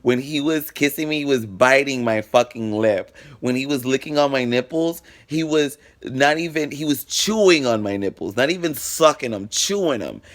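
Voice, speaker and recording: A man's voice: mid-range voice, moderate pace, few pauses. Guy on his vlog spilling a story, blunt and swears a lot, acts out the back-and-forth. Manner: frank, profane and dramatic; acts out quoted exchanges. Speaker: vlogger. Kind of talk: casual storytelling.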